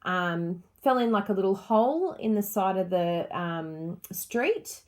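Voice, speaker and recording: A woman's voice: mid-range voice, animated, slow, darkish tone. A woman hosting a crafting livestream, chatting casually and gushing with enthusiasm over her supplies.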